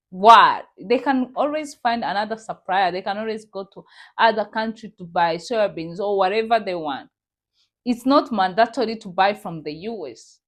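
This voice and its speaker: A woman hosting a reaction vlog, delivering indignant commentary and repeating her points to her viewers. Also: medium pitch.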